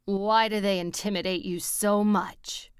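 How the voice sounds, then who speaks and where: A woman's voice: medium pitch, steady tone, a little slow, clean tone, no echo, clean studio sound, lightly acted. A woman voicing a cocky, macho man who barks orders and taunts his brother as his gym trainer, in an audiobook. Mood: coaching. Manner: barking, taunting commands.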